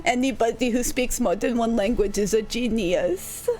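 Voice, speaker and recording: A woman's voice: on the high side, normal speed, darkish tone. A woman streaming a video game, chatting casually with viewers and laughing often. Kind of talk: casual livestream chat.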